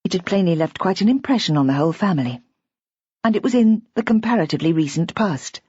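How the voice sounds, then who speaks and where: A woman narrates a mystery audiobook in a measured, even way. Her voice sits low and husky. The recording is dry and slightly muffled. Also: dry recording. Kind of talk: scripted narration.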